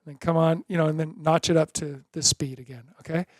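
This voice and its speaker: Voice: medium pitch, steady tone, brisk, no echo, clean studio sound. A drum teacher giving a beginner lesson in an encouraging way, chanting drum syllables in rhythm.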